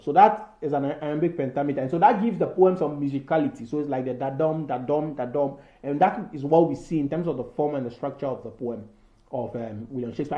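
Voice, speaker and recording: A man's voice: fairly high pitch, mellow, reverberant, highs cut off. A male teacher explaining poetry form and rhyme schemes, filling his talk with "so" and "you know" and restarting words. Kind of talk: recorded poetry lesson.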